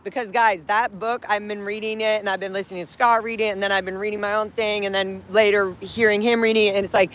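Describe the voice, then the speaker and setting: A woman vlogging outdoors at a street protest, shouting slogans and then chatting in a strained voice. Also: medium pitch, level tone, fast, few pauses. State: voice strained, headache after hours of shouting. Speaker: vlogger protesting outside a building. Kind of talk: shouted street protest and casual chat to camera.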